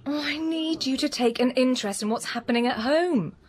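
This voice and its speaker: A woman's voice: high-pitched, a little fast, natural voice. An actress playing an earnest, insistent woman of thirty in a radio drama, pushing her brother to back her up. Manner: pushy, pleading. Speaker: farmer's daughter, cheese maker.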